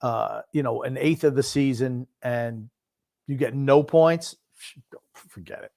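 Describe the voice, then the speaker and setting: Gruff older man grumbling about sports. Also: medium pitch, measured pace, a little mellow, no echo, studio quality. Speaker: podcast co-host. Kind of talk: casual sports chat.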